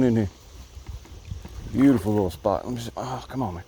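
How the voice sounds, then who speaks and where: A man's voice: fairly low pitch, brisk, slight background noise. A man, chatting to the fish he catches while out on a creek in a boat, recorded on an action camera. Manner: chats softly to the fish he catches. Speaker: fishing vlogger. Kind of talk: casual narration while fishing. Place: small creek outdoors, in a boat. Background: crickets and insects.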